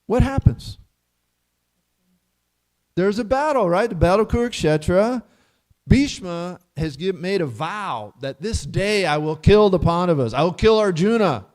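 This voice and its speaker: A man's voice: sits high, animated, unhurried, a little mellow. A man giving a casual scripture class in a temple hall, chatty and laughing often as he quizzes his listeners.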